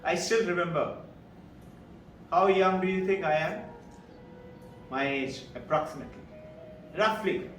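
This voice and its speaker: An older man from India speaks with an Indian English accent and a high-set voice, telling stories to an audience. He acts out the voices of other people and chuckles between lines. He sounds distant in a reverberant hall, with faint music underneath. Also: unhurried, pauses often. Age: 70s. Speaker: spiritual speaker. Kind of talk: storytelling talk to a live audience.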